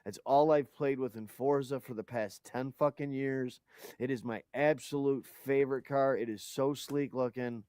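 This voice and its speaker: A man's voice: medium pitch, steady tone, moderate pace, darkish tone, smooth, no room sound, clean studio sound. A man co-hosting a casual talk show, speaking bluntly and cursing often. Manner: blunt, profane. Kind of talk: casual chat.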